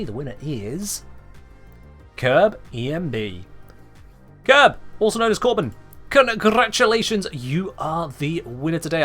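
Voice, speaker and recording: A man's voice: on the high side, a bit bright. A man from England with an English accent, chatting casually and wryly to his live-stream chat. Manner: chatty, wry, talking to chat. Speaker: game streamer.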